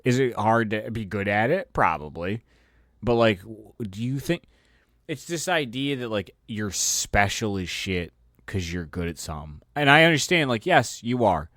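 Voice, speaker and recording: A man with a somewhat low voice rants on his own show, swearing freely and sounding fed up. He trips over his words and repeats them as he restarts his thoughts. The sound is dry and close. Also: very animated, a little slow, fairly bright tone, no echo. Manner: exasperated, riled-up delivery. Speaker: podcast host. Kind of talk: casual profane rant.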